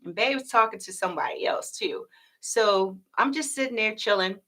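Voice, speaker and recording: A woman in her thirties co-hosting a podcast, telling a story in casual chat, animated and laughing often. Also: medium pitch, normal speed. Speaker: podcast co-host.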